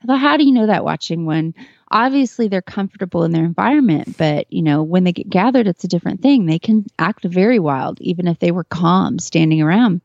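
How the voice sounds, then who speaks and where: A woman's voice: on the low side, animated, a little fast, vocal fry, a little mellow, no room sound, dull audio. A woman guest telling a personal story in a casual interview, earnest and emotional, with many fillers and restarts. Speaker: podcast guest, horse trainer.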